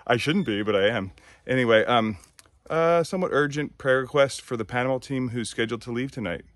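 A man's voice: mid-range voice, a little fast, fairly bright tone, no room sound. Man hosting a travel vlog, winded, casual and friendly, dry close sound. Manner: friendly, a bit winded, ends in prayer. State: out of breath. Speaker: vlog host.

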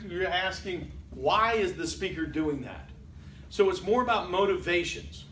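A man's voice: high voice, a bit bright. An older man lecturing a college class in a conversational way, often checking in with "Okay?" and quizzing the students. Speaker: college instructor. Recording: echoey classroom from far off, faint hiss.

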